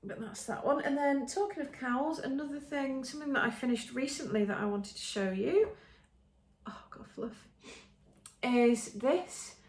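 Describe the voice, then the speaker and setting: A woman's voice: high voice, normal speed, few pauses, a little mellow, slight background noise. An English woman hosting a podcast, chatting casually and enthusiastically with many ums and restarts. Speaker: podcast host showing knitting. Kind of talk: casual show-and-tell chat. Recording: roomy echo.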